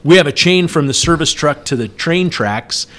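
A man's voice: a little high, normal speed. Middle-aged man telling a wild story. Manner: animated, acts out yelled quotes. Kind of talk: casual storytelling chat.

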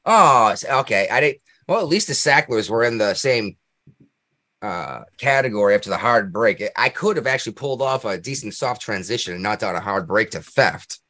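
A man's voice: on the low side, animated, moderate pace, pushed and bright, dry recording, studio quality. Rambling laughing podcast host man. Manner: rambling, laughs often, opinionated rants. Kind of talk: casual chat.

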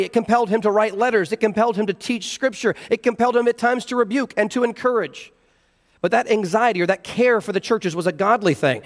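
Earnest high-voiced man preaching, hall reverb. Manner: earnest, explaining scripture verse by verse. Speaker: pastor. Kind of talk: expository sermon.

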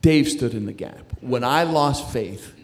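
Halting middle-aged man telling his story. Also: medium pitch, animated. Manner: halting, repeats words and restarts while telling his story. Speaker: guest sharing a personal testimony. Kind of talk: conversational faith testimony.

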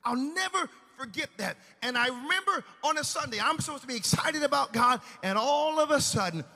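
A man preaching a sermon, telling a personal testimony with emotional storytelling that swings between loud and hushed. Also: extremely high pitch, lively intonation, brisk, big-room sound.

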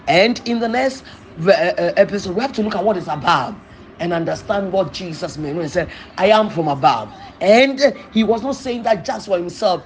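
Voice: medium pitch, a little hiss or hum. A preacher teaching an episode of a sermon series, emphatic, asking the listeners questions and answering them.

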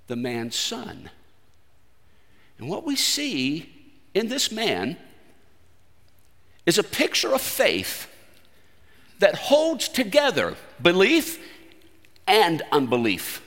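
A man preaching a sermon with emphatic delivery, swinging between loud stressed phrases and quiet low asides. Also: long reverb tail.

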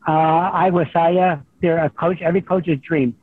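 A middle-aged man, a high school golf coach, talking over the phone in a rambling, humble way with many restarts. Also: fairly even intonation, normal speed, husky, dry recording. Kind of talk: phone interview guest. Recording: tinny phone line.

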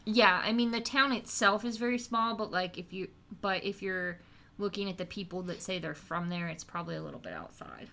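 A woman's voice: lowish voice, a little fast, gravelly, bright, forceful tone, a little hiss or hum. A woman co-hosting a casual podcast, chatty and teasing, laughing easily as she tells a story. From West Virginia, USA. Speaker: podcast co-host.

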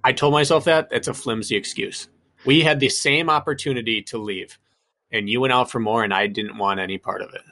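A man's voice: medium pitch, a little fast, pushed and bright. A man hosting an interview, who reflects on his own racing before he asks a question. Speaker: podcast host, ultrarunner. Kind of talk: conversational interview.

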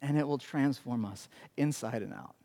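A man preaching a sermon as a pastor, animated and conversational, asking his listeners questions. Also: medium pitch, normal speed, creaky, long reverb tail.

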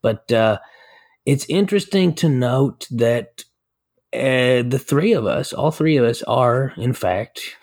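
A man's voice: mid-range voice, gravelly. A man co-hosting a podcast in casual chat, rambling through stories and laughing at himself. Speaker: podcast co-host.

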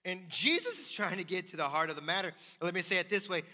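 Bright-voiced pastor in a reverberant hall. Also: male voice, high-pitched, animated, fast. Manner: conversational, emphatic, asks "right?" often. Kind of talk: sermon. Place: church sanctuary.

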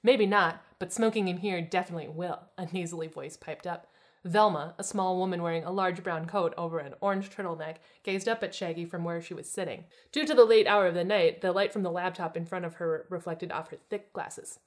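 A woman's voice: fairly low pitch, steady tone, fairly quick. A woman casually chatting and reading fan fiction aloud, breaking into laughs as she reads. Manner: laughs often while reading.

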